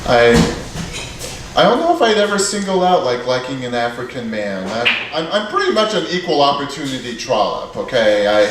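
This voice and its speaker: A man with a slight German accent hosting a comedy show, joking in a lively, bawdy way. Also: medium pitch, moderate pace, very echoey, distant mic, heavy background noise. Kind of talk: emceeing and banter.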